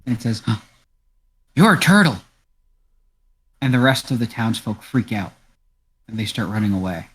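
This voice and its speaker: A man's voice: lowish voice, a little fast, husky. Casual male game master narrating.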